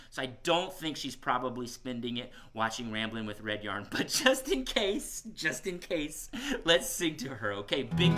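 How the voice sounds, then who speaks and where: Chatting on a live kids' music stream, a man coaxes and plays with his young viewers, saying "y'all" a lot. His mid-range voice sounds pushed and bright.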